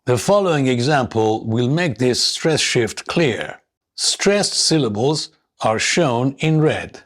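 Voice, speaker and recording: A man narrating a scripted English lesson, speaking slowly and clearly, modeling words for learners to repeat. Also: medium pitch, expressive. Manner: slow, deliberate, models words for repetition. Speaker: English teacher.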